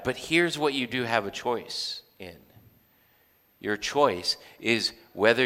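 A man's voice: medium pitch, lively intonation, slow, sharp tone. A man preaching a sermon as a pastor in a church, conversational, with joking asides and frequent restarts. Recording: long hall reverb.

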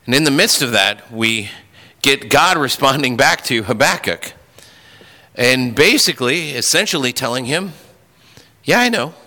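A man's voice: mid-range voice, animated, normal speed, bright, forceful tone. A man preaching a sermon earnestly, with frequent restarts and fillers. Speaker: pastor. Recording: hall reverb.

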